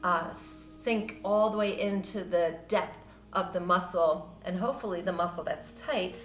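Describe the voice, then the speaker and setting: A woman teaching a yoga class, guiding breathing and stretches in a gentle, encouraging, loosely conversational way. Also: on the low side, a little slow. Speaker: yoga instructor. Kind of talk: guided yoga class instruction. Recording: roomy with soft music behind.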